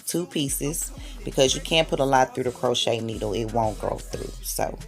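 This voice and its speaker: A woman's voice: rumbling low, moderate pace, gravelly. A woman talks through a home hair tutorial. She chats with her viewers and hypes herself up as she braids. Faint music sits under her voice. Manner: chatty and self-encouraging, hyping herself up. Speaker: hair vlogger, mother of six. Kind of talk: casual tutorial vlog.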